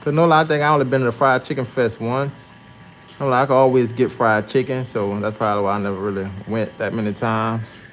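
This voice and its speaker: A man from New Orleans, Louisiana, speaks with the local accent as he tattoos and chats with his stream, easygoing and slangy, greeting viewers. His medium-pitched voice keeps a steady tone, moves a little fast, and sounds fairly bright. The rough recording has a little hiss or hum.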